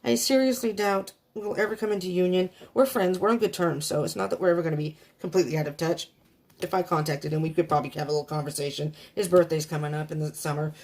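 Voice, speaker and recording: A woman's voice: low voice, steady tone, quick pace, darkish tone. A woman giving a casual tarot reading for her viewers, rambling and emotional, often talking to herself as she turns over cards. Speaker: tarot reader.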